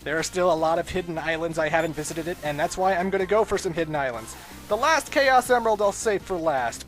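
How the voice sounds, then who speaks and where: A man's voice: sits high, fairly bright tone. A man giving casual, chatty gameplay commentary as a let's play host, with frequent asides to viewers.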